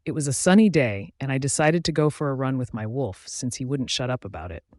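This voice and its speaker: A man narrating a romance audiobook with a steady, even reading. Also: mid-range voice, fairly quick, no echo, studio quality.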